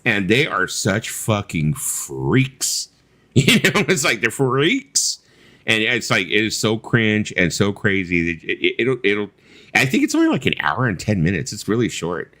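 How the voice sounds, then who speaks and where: A man's voice: fairly low pitch, wildly swooping pitch, bright, forceful tone. A man co-hosting a casual late-night stream chat, swearing freely and laughing as he talks. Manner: profane, laughing, does quick impressions. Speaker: co-host.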